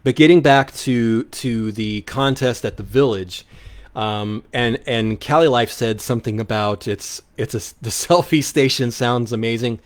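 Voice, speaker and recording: A man's voice: medium pitch, measured pace. A man hosting a local live radio show, chatting casually, reading out listener questions with many ums and restarts in an upbeat, rambling way.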